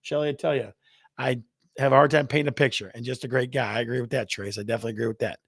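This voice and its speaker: A man's voice: medium pitch, steady tone, rapid-fire, vocal fry, slightly rough, no room sound, studio quality. A man hosting a real estate livestream, chatting playfully, reading viewer comments and counting down contests. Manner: playful, reads out chat, counts down aloud. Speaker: real estate show host. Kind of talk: casual livestream chat.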